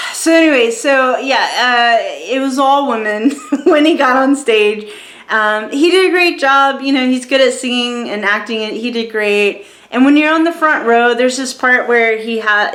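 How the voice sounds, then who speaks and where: A woman's voice: fairly high pitch, unhurried, fairly bright tone. Chatty woman in her forties, roomy echo. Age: 40s. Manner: chatty and rambling, many fillers and restarts, laughs at her own stories. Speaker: vlogger reviewing a show. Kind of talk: casual storytelling.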